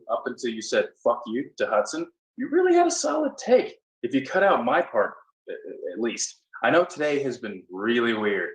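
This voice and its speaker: An actor playing a soothing, apologetic fellow actor who stammers a little, on a video call. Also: male voice, medium pitch, natural voice. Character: placating fellow actor Cliff. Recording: roomy sound from away from the mic.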